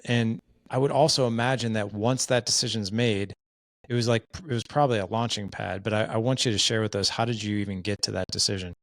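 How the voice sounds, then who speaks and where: Podcast host, male, lowish voice, conversational interviewer, dry close sound. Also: fairly even intonation, fairly quick, no echo. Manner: conversational, uses "right?" often.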